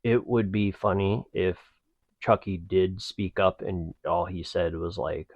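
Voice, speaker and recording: A man's voice: low voice, little pitch movement, dry recording, muffled recording. A man co-hosting a podcast, making wry, joking comments in casual banter. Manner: wry, joking asides, slow drawl. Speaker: podcast co-host.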